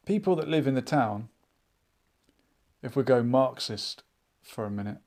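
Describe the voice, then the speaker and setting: A man hosting a live online chat show, musing out loud and reading viewers' comments aloud in a casual, thinking-aloud way. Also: medium pitch, animated, unhurried. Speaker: livestream chat host.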